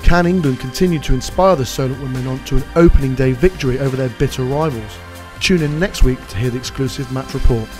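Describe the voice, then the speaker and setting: A man's voice: mid-range voice, fast talker, hardly any pauses, a little mellow, soft background music. A man who is a sports reporter, narrating a scripted news package in a formal, polished manner.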